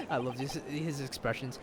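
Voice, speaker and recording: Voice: medium pitch, steady tone, moderate pace, background noise. A gamer casually commenting on a story game, self-deprecating and giggly. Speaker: let's-play gamer. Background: faint game music.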